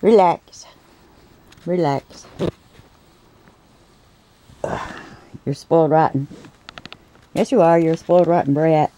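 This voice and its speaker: A pet vlogger at home at night uses a handheld camera while she sing-songs coos and scoldings to her pets and then speaks to viewers. Her voice is deep, mellow and steady at normal speed, with frequent pauses, and the audio quality is poor.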